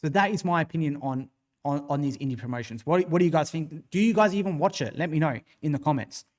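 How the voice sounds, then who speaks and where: A man's voice: on the high side, fast, a little mellow. An Australian man hosting a wrestling livestream, giving opinionated, rambling commentary, answering chat and swearing freely. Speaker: wrestling show host.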